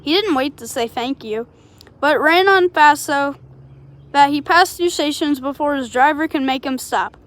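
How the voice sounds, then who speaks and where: High-voiced woman reading a storybook. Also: measured pace, a bit bright. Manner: unpolished reading with small slips and apologies. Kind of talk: reading a children's storybook aloud.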